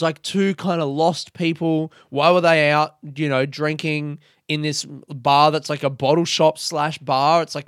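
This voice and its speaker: A man's voice: on the high side, smooth, no echo, clean studio sound. A young man, a comedian, telling a rambling story in a laid-back way with casual swearing.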